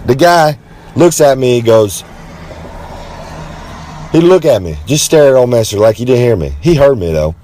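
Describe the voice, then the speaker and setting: A brash man with a drawl spins a rambling comic tale. He swaggers through it with boastful asides and drawn-out dramatic pauses, talking about himself in the third person. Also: medium pitch, sing-song, dark tone, slight background noise. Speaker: wrestler telling a story. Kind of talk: rambling comic storytelling monologue.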